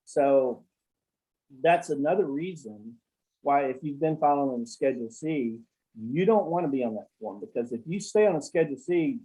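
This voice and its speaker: A man's voice: fairly high pitch, warm tone, breathy edge, rough recording. A man who works as an accountant, telling blunt, salty stories in rambling casual talk on a call. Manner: rambling, with many fillers and restarts. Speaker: accountant guest.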